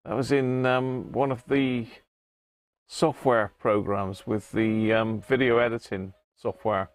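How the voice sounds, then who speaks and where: Slow and fairly even in intonation, a man with a mid-range voice runs a laid-back livestream. He chats with his viewers, calls them by name, and often breaks into laughter.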